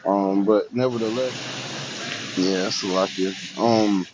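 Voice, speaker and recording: A man hosting religious commentary, talking haltingly and leaning on fillers. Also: on the low side, steady tone, background noise. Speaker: host. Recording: dull lo-fi audio.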